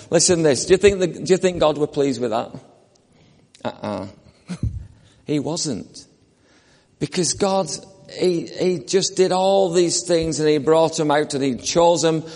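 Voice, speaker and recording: A man preaching a conversational, animated sermon that acts out the people in the story. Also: on the high side, in a large hall.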